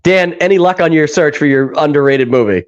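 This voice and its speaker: A man hosts a loose podcast chat. His voice sits high and bright, and he talks with an animated, profane energy. The recording is dull and lo-fi. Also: a little fast. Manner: animated, swears, retells scenes with laughing. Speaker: podcast host. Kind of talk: casual chat. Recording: dull lo-fi sound.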